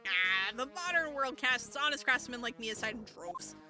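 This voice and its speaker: A woman's voice: a little high, expressive, moderate pace, over music, lightly acted. A woman voicing a grumpy old man, a craftsman who rants and hurls insults at the people around him. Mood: indignant. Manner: cranky, ranting, shouts insults. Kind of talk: reading game dialogue aloud.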